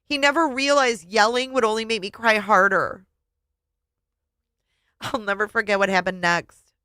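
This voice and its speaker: A woman's voice: medium pitch, normal speed, smooth, no room sound. A woman reading a memoir aloud with feeling and adding her own commentary as a reviewer. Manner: expressive, emotional reading. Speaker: book reviewer.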